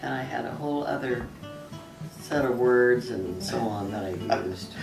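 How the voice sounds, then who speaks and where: Low, gravelly and unhurried, this older woman from Texas tells family stories in an easy, chatty way. She sounds a little distant from the mic, in a roomy space with music playing underneath. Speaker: interviewee, mother. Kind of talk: reminiscing in a family interview.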